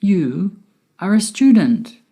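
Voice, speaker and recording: Slow, mellow-voiced woman teaching grammar. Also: medium pitch, big pitch swings. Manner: slow, careful, clearly enunciated explanation. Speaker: English teacher. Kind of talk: scripted grammar lesson narration.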